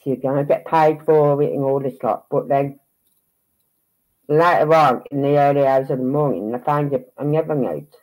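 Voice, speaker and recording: Talking a little fast with hardly any pauses, this mid-range, steady-toned man rambles through a casual livestream about a case. He trails off mid-thought while sorting out his screen, and the audio sounds dull.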